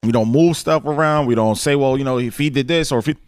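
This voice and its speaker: A man co-hosting a podcast, making his case in a casual debate, deliberate and emphatic. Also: medium pitch, smooth, no room sound, studio quality. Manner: deliberate, emphatic, pushes back.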